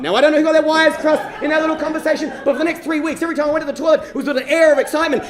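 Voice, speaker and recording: A young Australian man performing a one-man comedy storytelling show on stage, animated and prone to shouted rants. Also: very high-pitched, racing, few pauses. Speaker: stand-up storyteller. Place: theatre stage before an audience. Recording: roomy theatre sound.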